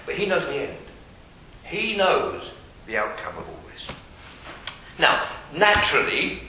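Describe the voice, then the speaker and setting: Guy preaching, higher voice, lots of ups and downs, echoey hall with faint hiss. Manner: dramatic, questioning, swings from loud to hushed. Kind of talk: sermon.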